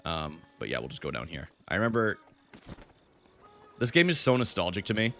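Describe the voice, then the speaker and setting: A man's voice: low-pitched, big pitch swings, fairly quick, bright, forceful tone, a little hiss or hum. A young man casually commenting on a game he is live-streaming, greeting viewers in chat by name and using lots of fillers.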